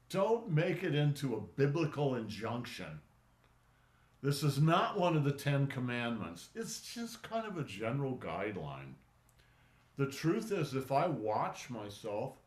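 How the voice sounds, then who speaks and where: Relaxed qigong teacher in a roomy space. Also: male voice, medium pitch. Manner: relaxed, conversational teaching with stops and restarts. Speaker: qigong instructor. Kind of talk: online class instruction. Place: indoor studio for online class. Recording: roomy echo.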